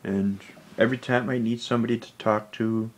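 A man talking in a personal vlog, emotional and close to tears, rambling in a low, subdued voice. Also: fairly even intonation, brisk. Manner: tearful, rambling, speaks low and subdued with sudden angry outbursts. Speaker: vlogger.

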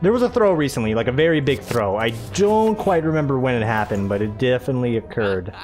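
A man's voice: mid-range voice, lively intonation, quick pace, a little mellow, soft background music. A young American man hosting a let's-play, chatting casually and rambling about his day while he plays, laughing often. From United States. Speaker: gaming channel host.

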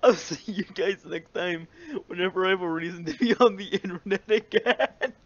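Giggly high-voiced young man. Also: normal speed, a bit bright, dry recording. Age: young adult. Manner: giggly, keeps breaking into laughter. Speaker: vlogger. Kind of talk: casual reading aloud of a note. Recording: dull lo-fi dry recording.

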